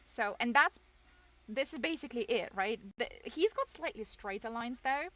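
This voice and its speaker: A woman's voice: fairly high pitch, expressive, moderate pace, bright, forceful tone. A young woman streamer chatting casually with her viewers, rambling, self-deprecating and laughing often.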